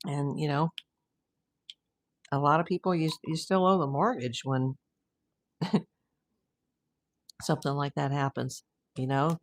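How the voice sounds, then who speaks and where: A woman's voice: low voice, steady tone, measured pace, pauses often. A woman hosting a casual livestream, chatting with viewers and rambling easily between comments and news. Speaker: true crime livestream host. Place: home.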